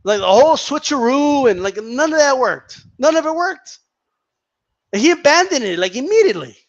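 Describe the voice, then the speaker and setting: A man's voice: very high-pitched, big pitch swings, moderate pace, lo-fi sound. A man giving an opinionated, profane rant as a boxing commentator, repeating and tripping over his words.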